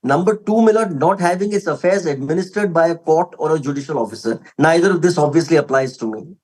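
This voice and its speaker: A man's voice: a little high, fast talker, a little mellow, slightly rough, rough recording. A man with an Indian English accent arguing a case before a court, deferential and emphatic, addressing the bench repeatedly. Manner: deferential, peppered with "my lord", emphatic. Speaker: advocate arguing for a respondent. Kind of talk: formal courtroom argument.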